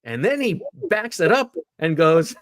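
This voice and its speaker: A man hosting a sports podcast in casual chat, telling stories in an animated way. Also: a little high, measured pace, dry recording. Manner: animated storyteller.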